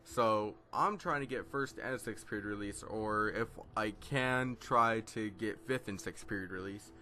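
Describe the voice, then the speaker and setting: Bright and forceful yet on the low side, this teen vlogger's voice moves a little slowly as he tells a rambling story over gameplay. The chat is casual, full of fillers and jokes at his own expense.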